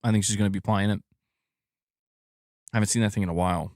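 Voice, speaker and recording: A man's voice: fairly low pitch, fairly even intonation, quick pace, darkish tone, dry recording, studio quality. A man hosting a casual livestream chat, rambling and correcting himself, laughing often. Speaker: streamer host.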